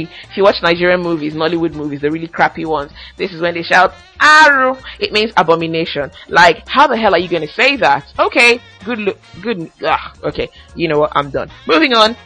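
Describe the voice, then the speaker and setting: Young woman podcaster ranting sassy gossip, bright sharp voice. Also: on the low side, rough recording. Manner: sassy, animated ranting with asides. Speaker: podcast host. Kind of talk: casual commentary podcast.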